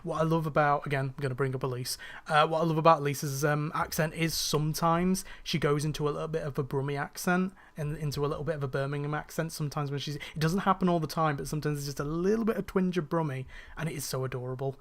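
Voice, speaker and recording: This young man's voice is on the high side, steady in tone and a bit bright, moving quickly with hardly any pauses. He hosts a gaming channel and comes from northwest England, with a faint, mostly neutral northern accent, chatting and rambling with many fillers and restarts as he plays.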